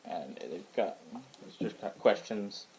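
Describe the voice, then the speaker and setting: A man's voice: on the low side, animated, takes it slowly, darkish tone, a little hiss or hum, low-quality recording. A man casually showing his book collection to the camera in a rambling, hesitant way, with lots of fillers and restarts. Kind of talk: casual show-and-tell vlog. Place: indoors at home.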